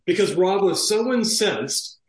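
A man, a former police detective, telling an animated story with lots of fillers and laughs. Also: sits high, a little slow, roomy sound, low-quality recording. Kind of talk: conversational storytelling.

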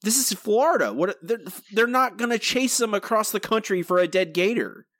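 A man co-hosting a podcast, complaining in an exasperated, rambling way and restarting his sentences. His voice sits a little high, and the sound is dry and close. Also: expressive, moderate pace, a bit bright, no echo. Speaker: podcast co-host. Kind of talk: casual review chat.

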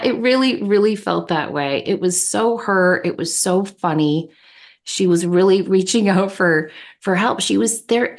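Animated storytelling woman podcaster. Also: lowish voice. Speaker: podcast co-host. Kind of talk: casual chat.

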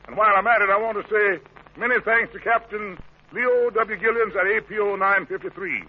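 A man hosting an old radio show, trading quick slangy patter in comic banter, heard on a dull lo-fi 1940s radio transcription. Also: high voice, husky.

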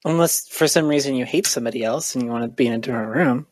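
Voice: medium pitch, rapid-fire, no room sound. A game master running a tabletop game, narrating and asking players for rolls, hesitant with many ums and restarts.

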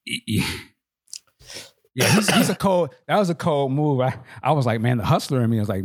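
A man's voice: fairly high pitch, lively intonation, normal speed. A man co-hosting a podcast in casual chat, laid-back and slangy, laughing often and asking rhetorical questions. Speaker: podcast co-host.

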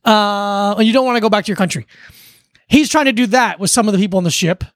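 A man co-hosting a casual podcast, swearing freely and retelling movie scenes with animated energy. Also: high-pitched, quick pace, no echo, studio quality. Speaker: podcast co-host. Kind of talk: casual chat.

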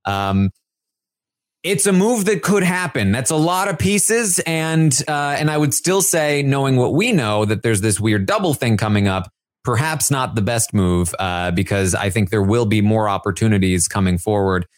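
A man's voice: medium pitch, moderate pace, dry recording. Brief: male podcast co-host, chatty and rambling, dry close sound. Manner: rambling, lots of fillers, quotes houseguests in a lively voice. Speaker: podcast co-host recapping a reality show. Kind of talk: casual chat.

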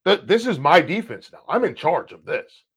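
A man co-hosting a podcast, telling personal stories in a casual, animated way and swearing freely. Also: fairly high pitch, normal speed, vocal fry, slightly rough. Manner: animated, swears freely, acts out past conversations. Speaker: podcast co-host. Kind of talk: casual storytelling chat.

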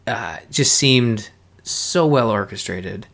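A man's voice: lowish voice, slow pace, vocal fry, a bit bright. A man co-hosting a casual podcast chat about a TV show, thinking aloud with frequent "you know" and restarts. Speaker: podcast co-host.

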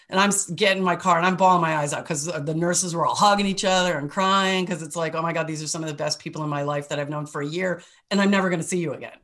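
A woman's voice: deep voice, fairly bright tone. Emotional, laughing woman co-host. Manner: emotional, laughs often, swears casually. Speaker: podcast co-host. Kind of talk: casual storytelling chat.

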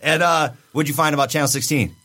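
A man hosting a casual podcast from a studio, loud, profane and jokey as he tells a news story. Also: a little high, fast talker. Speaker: podcast host.

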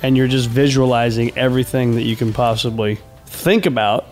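A male host with a mid-range voice leads a casual interview, friendly and talkative, and his questions wander on at length. Faint music plays softly behind him. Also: mid-range voice, a little fast. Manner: friendly, chatty, asks long rambling questions.

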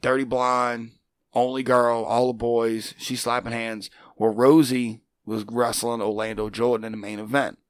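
A man's voice: mid-range voice, normal speed, smooth, no echo. A middle-aged man telling stories in a casual chat, acting out dialogue in different voices. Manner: animated, acts out dialogue in quoted voices. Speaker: wrestling trainer, guest. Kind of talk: casual storytelling.

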